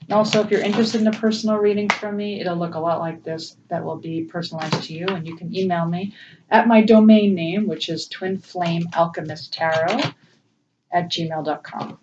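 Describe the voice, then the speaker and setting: A woman giving a casual spiritual tarot reading, gentle and emotional, laughing often. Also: steady tone, normal speed. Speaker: tarot reader. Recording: distant, dull low-fi mic with faint noise.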